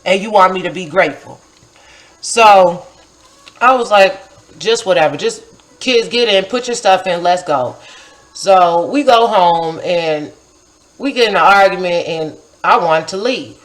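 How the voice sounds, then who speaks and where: A woman around forty tells a personal story to her viewers in a loose, conversational way. She talks in an animated manner, scattering "like" and "you know" throughout, and acts out what she once said in a livelier voice. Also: lowish voice, unhurried, rough recording. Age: about 40. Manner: acts out her own past remarks in a livelier voice. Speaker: poet and vlogger.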